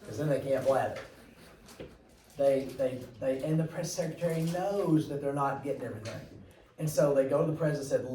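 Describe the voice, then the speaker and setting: A man's voice: medium pitch, brisk, dark tone, roomy sound, recorded from a distance, a little hiss or hum, poor audio. A man teaching a class, chatty and rambling, with jokey asides to his students. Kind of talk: classroom lecture.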